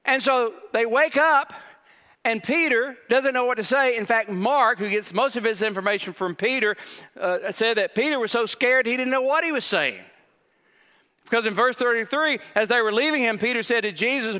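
A man's voice: very high voice, moderate pace, bright, forceful tone, in a large hall. A man preaching a sermon as pastor, emphatic and repetitive, with rhetorical questions to the congregation.

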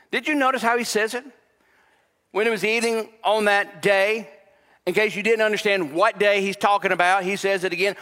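Emphatic preacher man, hall echo. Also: sits high. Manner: emphatic, rises to near shouting, then drops to a hushed tone. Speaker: pastor. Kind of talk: sermon. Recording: long hall reverb.

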